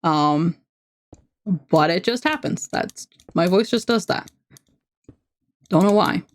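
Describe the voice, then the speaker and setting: A woman's voice: on the low side, expressive, slow pace. A Norwegian woman, speaking English with a Norwegian accent, chatting casually with her viewers while playing a game on a livestream. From Norway. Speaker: streamer. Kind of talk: casual gameplay livestream chat.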